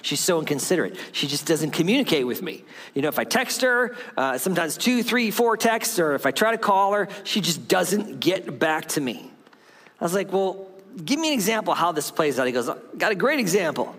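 A man's voice: high voice, big pitch swings, moderate pace, fairly bright tone. A male pastor preaching a sermon, telling a story and acting out the voices in it. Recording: long hall reverb.

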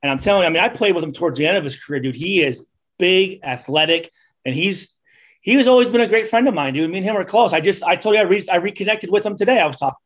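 High-voiced man telling stories, dude-heavy. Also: quick pace. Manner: animated storyteller, calls listeners dude. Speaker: guest, former football player. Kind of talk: casual podcast storytelling.

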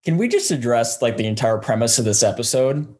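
A man appearing as a podcast guest in casual chat, asking halting questions. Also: medium pitch, expressive, darkish tone.

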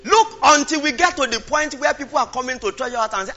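High, bright Nigerian preacher shouting. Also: male voice, lively intonation, quick pace. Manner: impassioned, shouting, repeats phrases, speaks in tongues. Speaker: pastor. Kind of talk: fervent sermon. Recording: muffled lo-fi recording with music.

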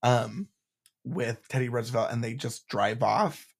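A man co-hosting a podcast in casual chat, animated and acting out lines in high voices. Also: unhurried, creaky, slightly rough. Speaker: podcast co-host.

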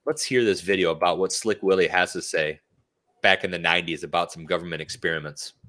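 A man's voice: deep voice, a little fast, sharp tone. A podcast host, a man, ranting casually and heatedly and firing off rhetorical questions. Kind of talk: casual opinion rant.

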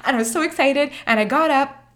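A woman's voice: high-pitched, quick pace. Chatty young woman telling a story. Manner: chatty, animated, many "like" fillers. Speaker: mother telling her birth story. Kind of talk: casual personal storytelling.

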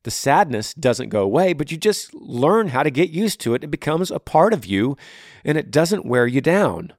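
A man's voice: a little high, sing-song, normal speed, a little mellow, no echo, clean studio sound. Earnest man with a blunt, rhythmic delivery. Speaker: podcast host. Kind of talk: answering a listener's question on grief. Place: home room.

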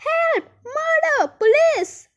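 A woman voicing a frantic, panicked middle-aged mother who screams in shrill bursts. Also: expressive, slow, exaggerated voice.

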